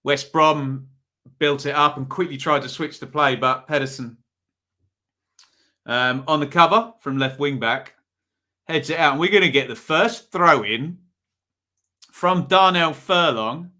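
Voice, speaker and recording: A man's voice: a little high, a little slow, long pauses, pushed and bright. A man with an East Anglian accent hosting a live football watch-along, giving chatty running commentary and reacting to viewers in the chat.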